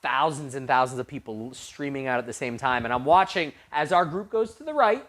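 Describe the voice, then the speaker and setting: A youth pastor tells a story to his group in a lively, unpolished way. He often stumbles and restarts his sentences, and he acts out the voices of the people in the tale. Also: mid-range voice, fairly quick. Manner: animated storyteller with frequent restarts.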